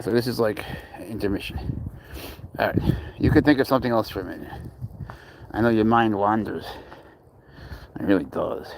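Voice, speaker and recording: Filming his cat outdoors, a young Spanish man with a mid-range voice and some vocal fry coaxes it along and cheers it on in a playful, casual way. A little hiss or hum is audible.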